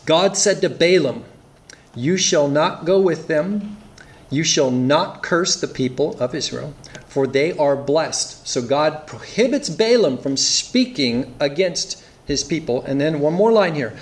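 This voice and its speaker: A man's voice: fairly high pitch, expressive, unhurried. A man preaching an earnest expository sermon, reading scripture aloud and explaining it. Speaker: pastor.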